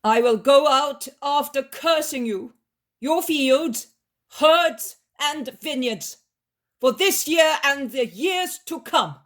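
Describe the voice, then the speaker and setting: A woman's voice: sits high, expressive, slow pace, pitched above the performer's own voice. Woman voicing a stern thundering prophet. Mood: commanding. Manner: severe, thundering. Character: stern commanding male prophet, righteous.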